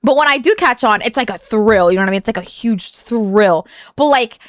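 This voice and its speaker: A woman streamer giving casual reaction commentary, excitable and swearing, often asking "you know what I mean". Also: a little high, a little fast, no room sound, studio quality.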